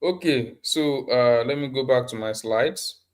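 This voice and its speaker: A man with a medium-pitched voice and a measured pace teaches a live online design class through a computer mic. As the instructor, he often repeats himself and puts questions to the class.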